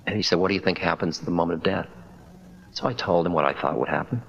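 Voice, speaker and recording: Low-voiced older man telling stories. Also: quick pace, creaky, dull audio, a little hiss or hum. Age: 60s. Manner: conversational, wry, quotes dialogue in stories. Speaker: spiritual teacher. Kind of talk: public talk with storytelling. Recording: 1992 lecture recording.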